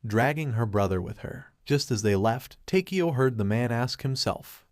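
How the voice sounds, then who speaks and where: A man reading a fan fiction story aloud as narrator, with an even, steady storytelling delivery. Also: mid-range voice, normal speed, hardly any pauses, dry recording, clean studio sound.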